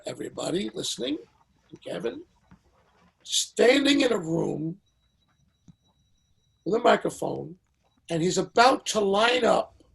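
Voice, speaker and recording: An older man, a veteran singer, telling a lively anecdote as a podcast guest and acting out the people in it. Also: high-pitched, gravelly, slightly rough, low-quality recording. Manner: lively storyteller who acts out the people in his stories. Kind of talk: animated anecdote in a podcast interview.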